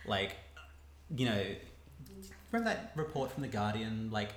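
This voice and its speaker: A man's voice: lowish voice, moderate pace. A man co-hosting a casual chat, thoughtful, restarting and hedging as he builds a point. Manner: thoughtful, restarts and hedges while building an argument. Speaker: podcast co-host. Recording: roomy echo with faint background noise.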